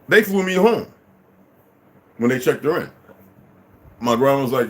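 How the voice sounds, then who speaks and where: A man's voice: mid-range voice, animated, moderate pace, pauses often. A man in his fifties delivering a heated, profane, unscripted monologue as a vlogger.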